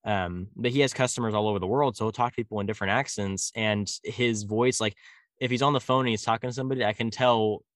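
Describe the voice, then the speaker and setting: A man's voice: on the low side, steady tone, fast talker, no echo, studio quality. A man from California with a slight country drawl, chatting casually and rambling with many fillers. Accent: rural Californian, slight country drawl. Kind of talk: casual conversation.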